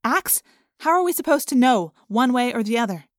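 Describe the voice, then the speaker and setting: Casting: fiery, confrontational teen girl, high and loud, woman reader. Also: expressive, moderate pace, no room sound, clean studio sound, natural voice. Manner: sharp, confrontational. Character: bold, fiery teenage girl.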